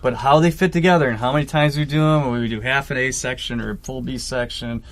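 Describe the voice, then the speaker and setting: A man's voice: medium pitch, fairly even intonation, fast. A man speaks as a guest on a podcast in a mid-range voice. He is earnest and explains things at length. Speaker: band member, guest. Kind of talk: casual interview.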